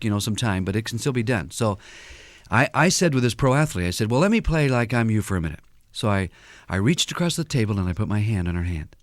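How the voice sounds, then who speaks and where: A man's voice: mid-range voice, dry recording, clean studio sound. A man appearing as a guest counselor on a radio talk show, telling stories with animation and acting out the quotes. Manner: animated storyteller who acts out quotes.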